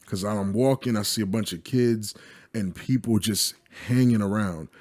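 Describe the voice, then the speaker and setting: A loud, joking man co-hosting a podcast, swearing freely and calling out his listeners. His voice sits a little low and sounds dry and close, with no room around it. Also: normal speed, no room sound. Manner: loud, joking, profane, addresses listeners directly. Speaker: podcast co-host. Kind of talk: casual podcast banter.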